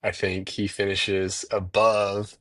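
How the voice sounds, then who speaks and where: A man's voice: lowish voice, flat delivery, slow, a bit bright, no echo. A young man co-hosting a casual sports podcast over a video call, agreeable and brief. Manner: agreeable, short replies. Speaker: podcast co-host.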